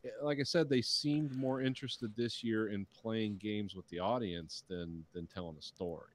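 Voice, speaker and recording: On a podcast, a middle-aged co-host with a voice on the low side talks at a normal speed. He rants profanely in casual chat, mocking the things he dislikes with mocking quotes.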